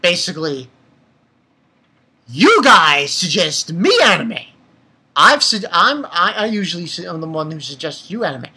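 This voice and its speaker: A young adult anime reviewer giving a casual episode recap, rambling and excitable and swearing freely. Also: mid-range voice, measured pace, long pauses, slightly rough.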